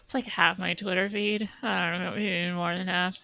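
A woman's voice: lowish voice, little pitch movement, moderate pace, gravelly, pushed and bright, no room sound. Woman, podcast co-host, blunt, swears a lot, casual chat, dry close sound.

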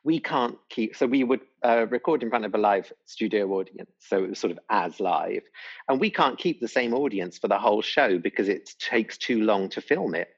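A man's voice: on the low side, animated, moderate pace, husky, lo-fi sound. A man who judges a TV talent show, telling a rambling, chatty behind-the-scenes story with lots of restarts. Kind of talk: casual interview anecdote.

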